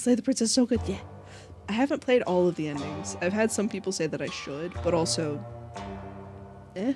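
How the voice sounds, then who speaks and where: A young woman streaming herself playing a story game, reading the narration aloud and breaking in with joking, giggly remarks. Her voice sits at a middling pitch. Faint background music plays underneath her. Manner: giggly, playful asides between narration.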